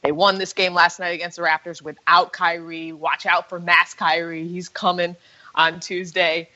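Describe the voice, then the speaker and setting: A woman's voice: fairly low pitch, level tone, normal speed, sharp tone, dull audio. A woman hosting a casual basketball talk podcast, teasing her co-hosts and laughing often. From New York. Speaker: podcast host.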